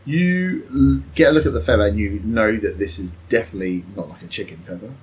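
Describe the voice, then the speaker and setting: A man's voice: on the low side, quick pace, breathy edge, low-quality recording. A man narrating a tabletop game as game master, setting scenes casually and animatedly.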